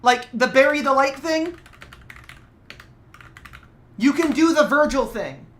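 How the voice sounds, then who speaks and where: A woman from Nevada talks loosely to her stream as she draws, with a high voice. The tone is bright and sharp, and she rambles and swears through quick asides. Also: expressive, a little hiss or hum. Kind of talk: casual stream chat while drawing.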